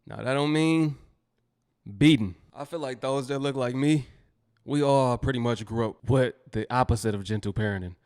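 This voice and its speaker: Man host, measured and firm, introducing clips, dry recording. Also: medium pitch, a little mellow, smooth, dry recording. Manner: measured, firm, asks rhetorical questions. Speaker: compilation host. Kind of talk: commentary and clip introductions.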